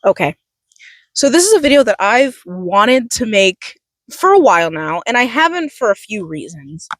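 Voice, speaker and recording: A woman's voice: mid-range voice, very animated, normal speed, no room sound. A young woman from the United States vlogging a heated, profane political rant at her school, fighting back tears. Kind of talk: emotional political rant to camera.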